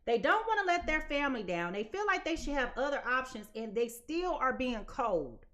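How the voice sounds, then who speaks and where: A woman's voice: sits high, sing-song, normal speed, a bit bright. A woman giving a live tarot reading in a blunt, emphatic way, repeating her points. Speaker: tarot reader.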